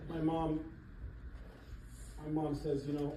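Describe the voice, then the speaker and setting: A middle-aged man, a real estate coach, giving an animated motivational seminar talk to an audience in a church hall. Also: a little high, takes it slowly, noisy background. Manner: emphatic, animated, laughs between points. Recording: echoey hall, voice from far off.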